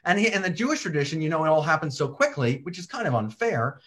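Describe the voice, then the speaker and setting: A man's voice: fairly high pitch, very animated, fast, a bit bright, slightly rough. A man doing chatty comedic storytelling, full of fillers.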